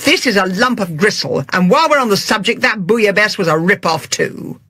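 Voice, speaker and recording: A narrator voicing a quick-tempered middle-aged woman who speaks bluntly and too loudly. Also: medium pitch, expressive, slightly rough, no echo, clean studio sound, pitched above the performer's own voice. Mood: angry. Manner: blunt, contemptuous, overloud.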